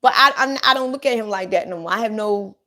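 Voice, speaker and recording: A woman's voice: mid-range voice, quick pace, bright, forceful tone. A middle-aged woman chatting casually on a livestream, telling blunt, profane stories straight to her viewers.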